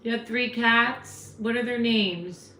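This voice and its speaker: A woman's voice: a little high, slow pace, bright, forceful tone. Talkative Jersey woman in her fifties hosting a live chat, frank and leisurely, roomy home sound. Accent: New Jersey. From New Jersey. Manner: chatty, frank, talks back to viewer comments. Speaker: livestream host. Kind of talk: casual live chat reading comments.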